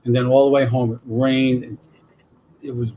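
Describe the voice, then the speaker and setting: A man's voice: medium pitch, normal speed, slight background noise. A man co-hosting a casual cigar-lounge talk show, telling stories and jumping between topics. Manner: animated storyteller, tangents. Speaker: podcast co-host. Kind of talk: casual chat.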